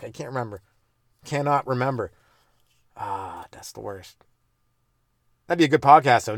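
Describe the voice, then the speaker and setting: In a clean studio recording with no room sound, a mid-range male stand-up comedian hosts his solo podcast. He riffs loosely on his own material, swears, cracks himself up, and drifts into goofy voices in a rambling comedic monologue.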